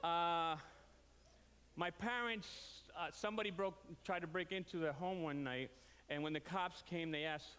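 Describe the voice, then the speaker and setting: A man preaching a storytelling sermon, animated and leaping up in pitch for quoted voices. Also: moderate pace, smooth. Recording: reverberant hall.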